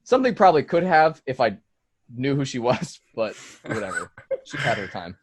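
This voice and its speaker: A man talks as a music producer guest in a casual podcast, his voice pitched in the ordinary male middle. He rambles through anecdotes full of "like," "dude" and swearing. The recording is close and dry, with no room sound. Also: sing-song, normal speed, husky, no room sound. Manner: loose storytelling, swears freely, fillers like "like" and "dude".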